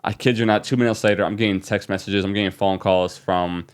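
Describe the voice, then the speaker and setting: A man from New Orleans, a young adult, guest on a podcast, telling an excited story with many fillers. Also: lowish voice, a little fast, clean tone. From New Orleans, USA. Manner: animated, excited retelling with fillers. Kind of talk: casual storytelling.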